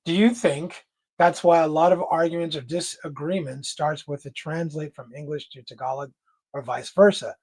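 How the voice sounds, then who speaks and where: A man with an American accent hosting a casual livestream chat, joking around and reading viewer comments aloud in a quick, loose way. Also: fairly high pitch, steady tone, a little mellow, husky, no room sound. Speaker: livestream host.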